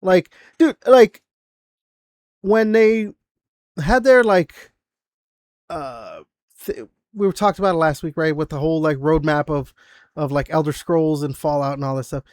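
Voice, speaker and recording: A man's voice: a little high, a little slow, pauses often, darkish tone, dry recording. Rambling, cursing young-sounding man, dry close mic. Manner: rambling, filler-heavy, profane. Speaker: podcast co-host. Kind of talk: casual gaming podcast chat.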